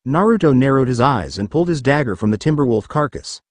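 Brief: male fan-fiction reader, expressive storyteller, mid pitch, dry recording. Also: fast talker, no echo. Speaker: narrator. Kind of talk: reading fan fiction aloud.

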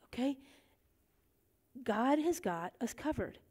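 Middle-aged woman leading a bible study, kinda high voice, acts out all the voices in her stories. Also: slow pace, breathy edge. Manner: animated, acts out quoted voices.

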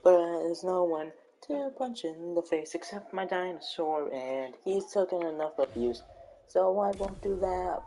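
A man's voice: fairly high pitch, lively intonation, a little slow, dark tone, slight background noise. A man live-streaming a fighting game, talking over it in a joking, boastful, rambling way. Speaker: gaming streamer.

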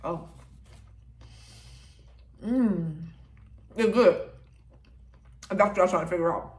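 A young woman vlogger talks casually through a mukbang food review, chatting between bites and humming as she tastes. Her voice is fairly low and a little slow, and the recording has a roomy echo.

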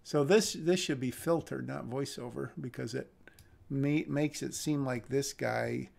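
A man's voice: mid-range voice, a little slow, creaky, a little mellow. A man reading a screenplay aloud on a live stream and critiquing it, thinking aloud with hesitant restarts. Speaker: script reader and critic.

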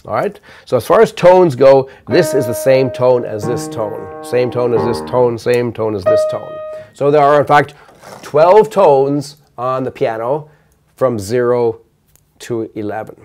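An older man giving a measured, explanatory math lecture, counting notes aloud while playing piano. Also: medium pitch.

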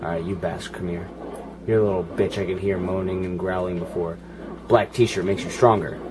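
A man's voice: deep voice, steady tone, a little fast, noisy background. A man giving casual, profane running commentary while playing a video game, grumbling and joking at it. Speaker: gaming channel host.

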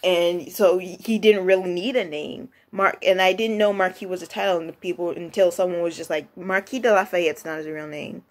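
A young woman telling a story in a casual, rambling monologue, with many restarts and excited rises in pitch. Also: normal speed, few pauses. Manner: lively pitch jumps when excited. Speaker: vlogger.

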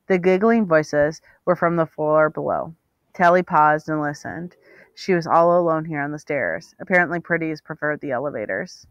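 A woman narrating an audiobook with steady, expressive storytelling. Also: low-pitched, normal speed, no room sound. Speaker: audiobook reader.

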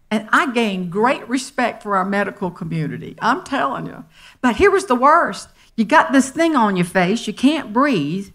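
A woman giving a humorous keynote talk, animated and playful. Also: mid-range voice. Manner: animated and playful, acting out friends' voices. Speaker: motivational speaker. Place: event stage before a live audience.

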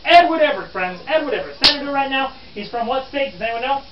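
A man's voice: very high-pitched, expressive, fast talker, noisy background. A scornful 1860s newspaperman. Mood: mocking, theatrical. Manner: theatrical, scornful, calls listeners "friends". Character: scornful 1860s male newspaperman, lecturing crowd. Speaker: living history interpreter. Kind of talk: in-character living history talk to visitors. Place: outdoor historic park program. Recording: distant, roomy, dull camera audio.

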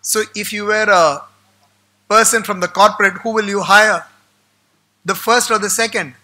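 A man's voice: sits high, steady tone, moderate pace, bright, forceful tone. A man giving a motivational talk to students, telling stories and repeating key points for emphasis. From India. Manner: storytelling, emphatic repetition. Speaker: guest speaker to management students.

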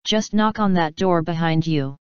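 A woman's voice: fairly low pitch, moderate pace, smooth, no room sound, lo-fi sound, natural voice. A woman voicing an earnest, reflective female being who is a living story, in a storybook reading. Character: sentient female story narrative, calm and wise.

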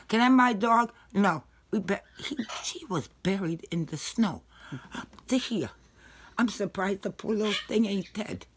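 A woman's voice: lowish voice, a little hiss or hum. A woman in her own home, chatting casually in a rambling, salty-tongued way while handing over her pets. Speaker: dog owner giving up her pets. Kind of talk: casual chat.

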